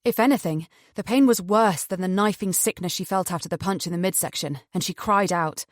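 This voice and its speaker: A woman narrating a thriller audiobook in a measured, even storytelling manner. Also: on the low side, no room sound, clean studio sound.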